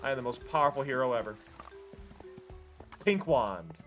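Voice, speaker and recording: Playful, animated male streamer. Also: medium pitch, moderate pace, soft background music. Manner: playful, excitable, talks to chat. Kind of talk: live gaming stream chat.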